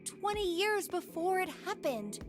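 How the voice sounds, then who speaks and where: An earnest young woman, high-pitched and calm as she makes strange claims. Game music plays clearly behind her. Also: unhurried, heavily acted. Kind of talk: video game voice acting.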